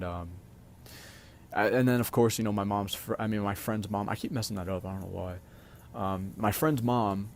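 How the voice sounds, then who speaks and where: A young man telling personal stories casually, halting with many fillers and restarts. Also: on the low side. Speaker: streamer.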